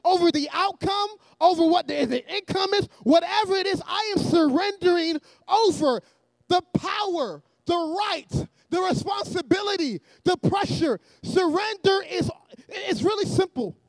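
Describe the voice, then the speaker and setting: Man, strikingly high voice, preaching a lively sermon, shouts for emphasis, jokes between points, dry close sound. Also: a little slow, no room sound. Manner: energetic, often shouting, with joking asides. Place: church.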